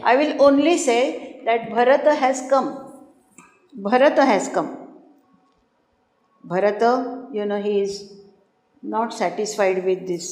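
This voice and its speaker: Slow-speaking woman lecturing in a hall. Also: a little high, a little mellow. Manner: slow, measured explaining with frequent "you know". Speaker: lecturer on Sanskrit drama. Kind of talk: explanatory lecture with recitation. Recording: roomy hall with long reverb.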